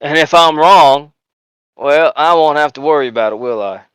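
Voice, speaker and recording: Brief: a man playing a blunt, swaggering sergeant for a tabletop game, a little high and smooth. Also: normal speed, fairly bright tone, dry recording, lightly acted, low-quality recording. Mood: gruff, boastful. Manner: boastful, bullying swagger. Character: gruff blunt male army sergeant.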